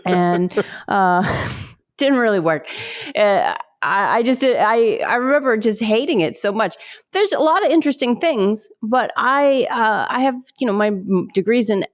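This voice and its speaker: A woman's voice: a little high, a little slow. A woman from Pittsburgh with a mild Pittsburgh accent, a comedian guest telling stories in a rambling, self-deprecating way in a casual interview. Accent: mild Pittsburgh American. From Pittsburgh, USA. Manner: rambling, self-deprecating, laughs often, animated when acting out voices. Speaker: guest, comedian and military spouse.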